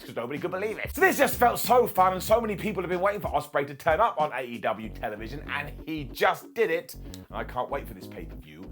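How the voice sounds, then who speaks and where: Animated man doing a playful review. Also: fairly high pitch. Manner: playful, self-mocking, jumps between loud bursts and quiet asides. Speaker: wrestling show reviewer. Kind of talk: comedic scripted review.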